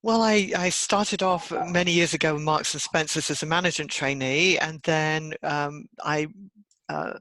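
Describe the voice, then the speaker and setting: A middle-aged woman, a trainer and consultant, answering interview questions in an articulate, measured way and laughing easily. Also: deep voice, fairly bright tone, no echo, low-quality recording.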